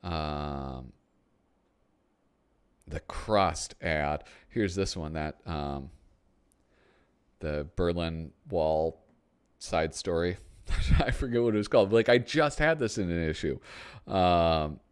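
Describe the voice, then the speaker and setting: Brief: a rambling casual male host, low voice, animated intonation. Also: slow pace, long pauses, clean tone. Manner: rambling, frequent ums, thinking aloud. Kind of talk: casual chat while flipping through a magazine.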